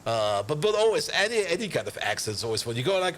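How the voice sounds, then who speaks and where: A man's voice: on the high side, huge pitch swings, moderate pace, pauses often, fairly bright tone, a little hiss or hum. A young man streaming a game, chatting casually, joking, rambling and laughing often. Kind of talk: casual live-stream chat.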